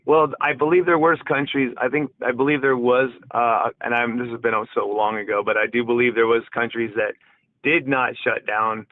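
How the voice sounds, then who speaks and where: A man's voice: mid-range voice, fairly even intonation, normal speed. A man calling into an online debate, hesitant and rambling, full of fillers. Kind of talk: casual debate. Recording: tinny dry call line.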